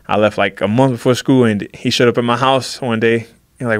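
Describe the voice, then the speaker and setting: A man telling a story from his life in a casual chat, quickly and with animation, and voicing the people he quotes. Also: mid-range voice, dry recording, clean studio sound. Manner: fast, animated storytelling, acts out quotes of others. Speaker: podcast guest, fighter.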